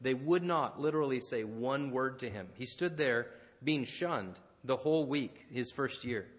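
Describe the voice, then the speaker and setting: A man's voice: mid-range voice, lively intonation, measured pace, big-room sound. A man preaching a sermon, telling stories in a conversational way with frequent asides. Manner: conversational, many asides and "right?" tags. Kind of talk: sermon with storytelling.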